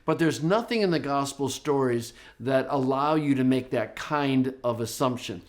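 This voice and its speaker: An older man teaching a Bible lesson, explaining passages in a lively way and briefly acting out the quoted speakers. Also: normal speed. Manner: lively, voices the quoted speakers with rising pitch. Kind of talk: explanatory lecture.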